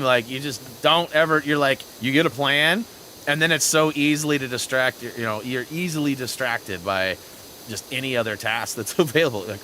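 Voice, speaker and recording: In a noisy recording, a low-voiced man chats over gameplay on his gaming channel using a headset mic. He tells rambling stories in an animated way, reading the chat aloud as he plays.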